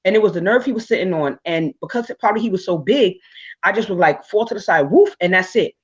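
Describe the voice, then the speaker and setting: Animated woman telling stories, dull audio. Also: mid-range voice, fast talker, breathy edge. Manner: animated, laughing, frequent restarts and fillers. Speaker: guest speaker. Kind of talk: casual storytelling on a live talk show.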